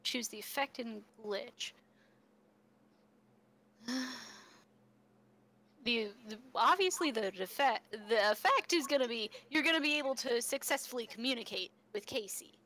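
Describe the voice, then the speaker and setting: A woman's voice: a little high, animated, bright, forceful tone. A woman acting as game master, working through rules and outcomes for the players. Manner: slow and deliberate, reading rules. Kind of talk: running a tabletop game.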